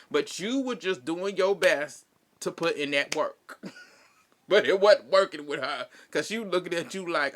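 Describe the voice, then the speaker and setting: A man with a notably high and bright, forceful voice talks through a reality show recap. He laughs often, uses salty slang and acts out what others said with lively emphasis. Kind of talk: casual opinion vlog.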